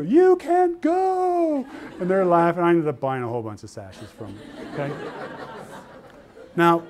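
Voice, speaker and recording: An older man from Utah giving an animated university lecture, telling stories and acting out the voices of the people in them. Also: on the high side. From Utah, USA. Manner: lively storytelling, acts out quoted voices. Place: lecture hall.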